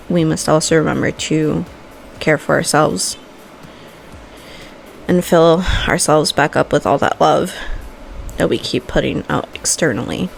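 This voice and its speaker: A woman's voice: low-pitched, vocal fry. A woman hosting a makeup vlog, giving a heartfelt, emotional motivational talk with casual swearing. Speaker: vlogger and makeup host.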